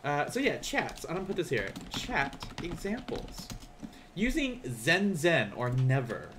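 A man's voice: a little high, big pitch swings, a little slow, a bit bright, slight background noise. A man teaching a beginner language class on a live stream, asking the chat questions and encouraging them to try.

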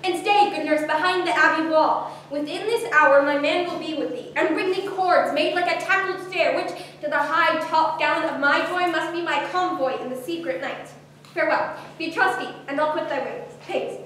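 A woman's voice: high-pitched, normal speed, a bit bright. A woman playing an eager young male lover in a live Shakespeare stage performance, with earnest, urgent delivery. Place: arts center hall, recorded from the audience. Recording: distant, echoey hall, faint hiss.

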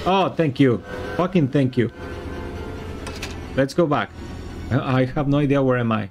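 A man streaming a game, excitable and swearing, yelling at the monster and switching between English and Spanish. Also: medium pitch, a little slow, long pauses, music in the background. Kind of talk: live gameplay commentary.

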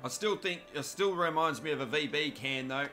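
A man's voice: on the high side, moderate pace, over music. An Australian man giving cheeky live commentary on a video game while joking with viewers by name. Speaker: gaming commentator.

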